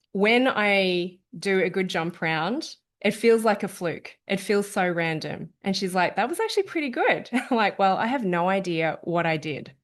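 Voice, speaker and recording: A woman coach talking casually to an online audience, chatty, often checking in with "okay?". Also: mid-range voice. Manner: chatty, frequent "okay?", lively quoting of herself. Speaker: wellness coach presenting an online event.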